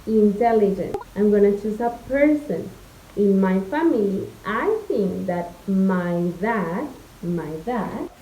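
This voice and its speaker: A young woman from Mexico, teaching an English lesson slowly and patiently, spelling out each step. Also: mid-range voice, expressive, mellow, a little hiss or hum. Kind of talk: recorded online lesson. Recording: echoey room.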